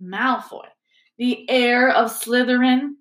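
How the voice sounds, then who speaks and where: A woman's voice: fairly high pitch, animated, moderate pace, natural voice. A woman voicing a clever, cautious teenage schoolgirl who talks earnestly, in an echoey room. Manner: earnest, careful.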